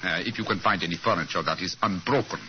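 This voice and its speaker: An actor playing a British detective who puts on a German accent to pass as a count in a 1940s radio play, formal and courtly. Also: male voice, deep voice, quick pace, close to an everyday voice. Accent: put-on German accent. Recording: muffled 1940s radio broadcast, faint hiss.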